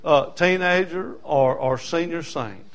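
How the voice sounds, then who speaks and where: An older preacher, a man with a fairly high voice, delivers his sermon with fervor. He drives his points home through rhythmic repetition and breaks into folksy asides along the way. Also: slow, muffled recording.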